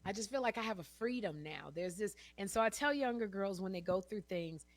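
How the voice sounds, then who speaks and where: A woman's voice: mid-range voice, animated, a little fast. A woman in her fifties, a guest in a casual interview, telling stories animatedly, acting out quotes and laughing often. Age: 50s.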